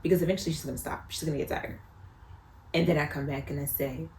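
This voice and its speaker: A woman's voice: low-pitched, fairly even intonation, fast talker, darkish tone. A mother talking casually to camera about parenting, earnest and reflective, often repeating phrases for emphasis. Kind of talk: casual advice talk to camera. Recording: roomy echo, faint background noise.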